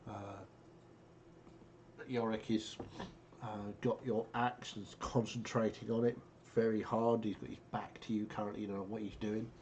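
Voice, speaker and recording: Game master, relaxed narration, dull mic. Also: male voice, fairly low pitch, moderate pace, a little hiss or hum. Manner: relaxed, descriptive narration with filler words.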